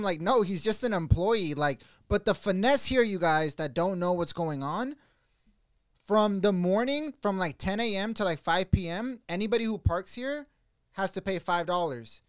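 A man co-hosting a podcast, telling stories in casual chat and acting out other people's outbursts loudly. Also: high voice, smooth, no echo, clean studio sound. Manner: animated storyteller, acts out others' outbursts loudly. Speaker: podcast co-host. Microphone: studio mic.

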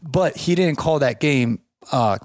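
A man's voice: fairly high pitch, a little slow. Chatty man telling stories. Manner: rambling, animated anecdotes with restarts. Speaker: lawn care business owner. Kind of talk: casual storytelling chat.

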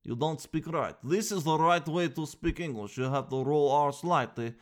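A man's voice: fairly high pitch, normal speed, natural voice. A man voicing a smug alien who speaks with a put-on foreign accent and talks down to humans. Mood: condescending. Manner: smug, condescending.

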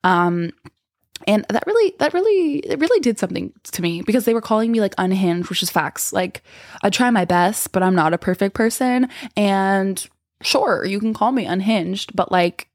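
A woman's voice: medium pitch, normal speed, no echo, clean studio sound. A young woman hosting a podcast in casual chat, talking bluntly, with lots of swearing and rambling asides. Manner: blunt, profane, rambling and candid. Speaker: podcast host.

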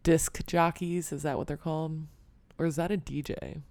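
A woman's voice: sits low, fairly even intonation, normal speed, a little mellow, no echo. A young adult woman hosting her own podcast, talking alone in a rambling, self-deprecating way, full of "like" and casual cursing. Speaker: podcast host. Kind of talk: casual solo podcast monologue.

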